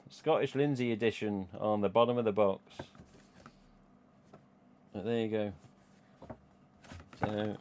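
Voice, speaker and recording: A middle-aged man with a Midlands accent hosts a relaxed live stream, rambling from one thought to the next. His voice sits a little low, and he swears casually and chuckles to himself as he talks. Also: takes it slowly, pauses often, a little hiss or hum. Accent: English Midlands. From England. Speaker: livestream host.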